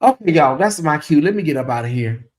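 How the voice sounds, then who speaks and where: Man, livestream host, fairly high voice, animated, chatty, reads viewer comments. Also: brisk. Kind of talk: casual livestream chat, reading viewer comments.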